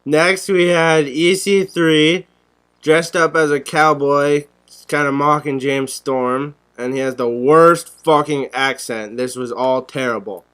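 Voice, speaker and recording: A man's voice: a little high, steady tone, takes it slowly, a bit bright, smooth. A young man co-hosting a podcast, talking bluntly and sarcastically and swearing often. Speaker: podcast co-host. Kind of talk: casual podcast chat.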